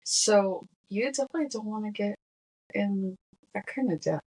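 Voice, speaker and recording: A woman's voice: mid-range voice, moderate pace, a little mellow, husky, low-quality recording. A woman co-hosting a casual movie podcast with her husband, chatty and explaining details. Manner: chatty, explains and translates lines. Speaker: podcast co-host.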